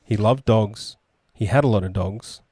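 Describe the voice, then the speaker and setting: Mellow-voiced mocking man, dry. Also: lowish voice, normal speed, husky, no room sound. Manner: mocking, insulting. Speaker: podcast co-host. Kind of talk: crude comedic banter.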